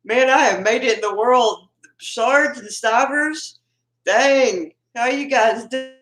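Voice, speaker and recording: A Texan woman hosts a casual livestream chat from home, laughing often and greeting her viewers by name. She talks slowly in a slightly high, fairly bright voice, and the room adds noticeable echo.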